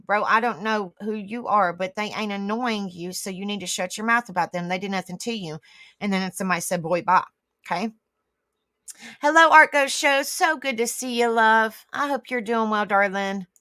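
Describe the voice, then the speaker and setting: Woman livestream host, bright edgy tone, dry close sound, indignant rambling rant, swears, talks back at online comments. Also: medium pitch, normal speed, dry recording. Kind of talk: live-stream commentary to viewers.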